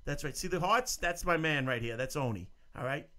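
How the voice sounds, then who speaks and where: A man's voice: on the high side, expressive, a little fast, pushed and bright. Brash, profane man hosting a podcast. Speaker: podcast host. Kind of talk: crude comedic call-in show chat.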